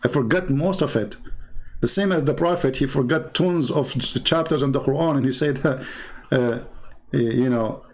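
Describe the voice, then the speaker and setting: A man with an Arabic accent speaks in a mid-range voice, neither high nor low. He delivers sarcastic commentary as a channel host. He drops into low, muttered asides and then jumps up into high, mocking exclamations. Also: moderate pace. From Middle East. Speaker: Christian apologist channel host.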